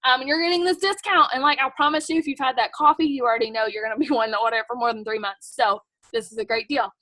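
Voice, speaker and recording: A young woman talks to her team in a casual, pushy pep-talk style, leaning on "like" and "um." Her voice sits high and bright. The recording is dry and close, with no room sound. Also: rapid-fire, dry recording. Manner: chatty, emphatic, says "like" and "um" a lot; blunt and pushy. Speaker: team leader at a sales kick-off meeting.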